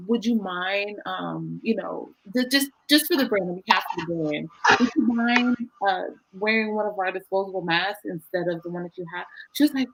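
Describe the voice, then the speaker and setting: A young adult woman telling a story as an interview guest, animated and playing out her own quoted lines over a video call. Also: medium pitch, fairly quick, hardly any pauses, slightly rough, low-quality recording.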